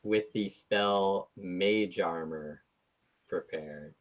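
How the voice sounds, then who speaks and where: A man's voice: low voice, very slow, dull audio. A man running a tabletop game as game master, talking in a hesitant, loose and profane way.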